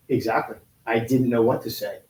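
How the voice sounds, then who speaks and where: A man in his forties telling a painful personal story in an interview, halting and restarting often. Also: mid-range voice, a little mellow. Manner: halting, with many restarts and pauses. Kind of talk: emotional personal account in an interview. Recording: roomy echo.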